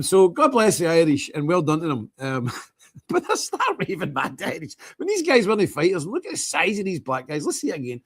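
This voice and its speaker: A man's voice: fairly high pitch, slightly rough. A man hosting a livestream, talking bluntly and emphatically, chuckling often. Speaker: livestream host. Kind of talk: casual ranting monologue.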